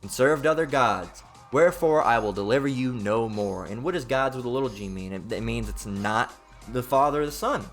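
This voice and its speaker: A man's voice: mid-range voice, moderate pace, fairly bright tone, soft background music. A man with a Southern US accent preaching an informal Bible teaching sermon. He reads scripture, then breaks into heated, profane, repetitive rants.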